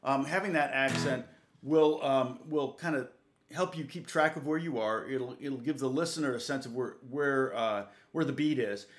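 Middle-aged man teaching guitar, halting. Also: mid-range voice. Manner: hesitant, many fillers and restarts, counting beats aloud. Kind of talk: live guitar lesson, answering viewer comments. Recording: guitar and drum music in background. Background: guitar playing.

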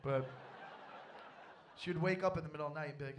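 A young man performing a stand-up comedy set on stage, telling a story with animated, loud panicky outbursts. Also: on the high side, quick pace, pauses often, distant mic.

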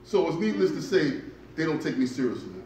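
A man doing a stand-up comedy set in a club, telling stories with deliberate delivery and punchy asides. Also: a little high, very animated, warm tone, slight background noise. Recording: echoey club from far off.

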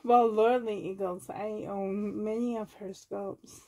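A woman's voice: mid-range voice, steady tone, takes it slowly, warm tone, poor audio. A woman with a Canadian accent, chatting casually while unboxing, gushing, giggly and rambling. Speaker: reborn doll vlogger.

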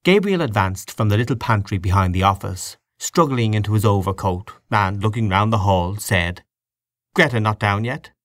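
A man reading a classic story aloud as audiobook narrator, measured and expressive. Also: on the low side, dry recording, clean studio sound. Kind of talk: scripted narration.

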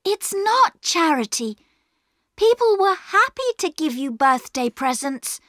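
A woman's voice: high-pitched, very animated, slow, a bit bright, no echo, studio quality, voice pushed up, exaggerated voice. Woman doing an eager, pleading young girl.

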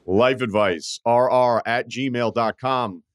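A man's voice: medium pitch, slow pace. A man hosting a sports podcast, chatting with dry, wry banter. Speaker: podcast host. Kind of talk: casual sports podcast chat.

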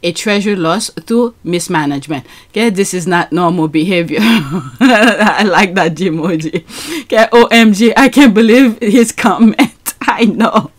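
A woman's voice: mid-range voice, unhurried. A woman hosting a reaction podcast, laughing often and sounding incredulous as she reads listener comments aloud. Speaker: podcast host reacting to clips.

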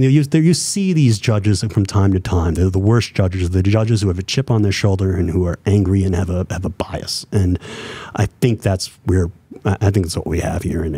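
A man's voice: deep voice, normal speed, dark tone, breathy edge, dry recording. A man hosting a podcast, talking casually about a court case, with many restarts and repeated words. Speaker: podcast host. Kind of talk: casual political chat.

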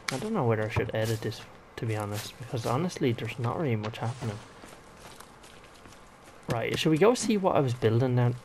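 A man's voice: medium pitch, slight background noise. A man, rambling and exclaiming to himself as he comments on a video game. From Ireland. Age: 20s. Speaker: gaming vlogger. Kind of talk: casual gameplay commentary.

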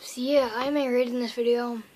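A woman vlogging casually to camera, hyper and playful, swinging between loud pleas and whispers. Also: on the high side, little pitch movement, normal speed.

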